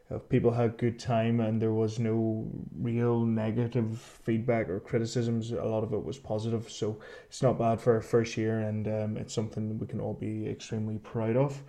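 Tournament organizer guy, low mellow voice, flat, keeps saying um. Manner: hesitant, lots of ums and restarts. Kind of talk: recorded thank-you message.

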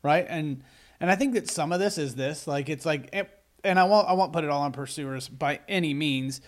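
A man's voice: a little high, moderate pace. A man co-hosting a conversational podcast, talking earnestly about relationships, often restarting his sentences. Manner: earnest, with frequent restarts and repeated words. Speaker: podcast co-host.

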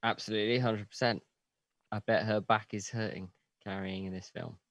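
A man's voice: fairly low pitch, steady tone, normal speed, a bit bright, no room sound. A man co-hosting a casual film review podcast, easygoing and agreeable, with a jokey streak. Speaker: podcast co-host.

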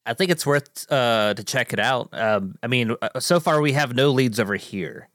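A man playing a tabletop game, speaking haltingly with many fillers. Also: medium pitch, expressive, fairly bright tone, no echo, studio quality. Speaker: player.

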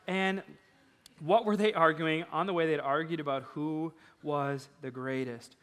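A man preaching a sermon in a casual, conversational way, dropping to a hush and then rising loud with excitement. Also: on the high side, moderate pace, clean tone. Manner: animated, conversational, swings from hushed to loud. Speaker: pastor. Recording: reverberant hall.

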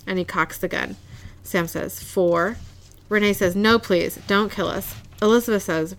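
Gravelly-voiced woman recapping scenes. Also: medium pitch, normal speed. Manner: narrates scenes and quotes characters, laughs often. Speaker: podcast co-host recapping an episode. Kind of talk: casual chat, reading scenes aloud.

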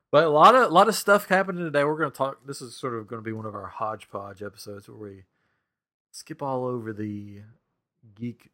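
A young man hosts a casual podcast from his microphone, joking and laughing between lines. His voice sits in an ordinary middle pitch and his talk is loose and friendly. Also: moderate pace, pauses often, sharp tone. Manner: jokey, laughs often, acts out quoted voices. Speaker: podcast host. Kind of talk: casual chat.

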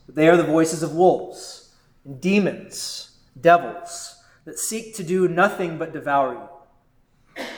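Slow, measured male preacher. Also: on the high side. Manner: measured preaching with deliberate pauses. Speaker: pastor. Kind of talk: sermon.

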